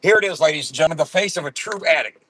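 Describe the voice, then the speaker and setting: A man ranting angrily with constant swearing and loud outbursts while driving in his car. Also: a little high, very fast, no echo, rough recording. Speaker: vlogger. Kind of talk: profane ranting vlog.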